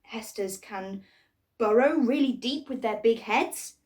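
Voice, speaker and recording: In a storybook reading, a woman voices a small, bluish-grey creature who is shy and unsure of herself. She speaks slowly in a darkish tone, her high, timid lines hesitant but earnest.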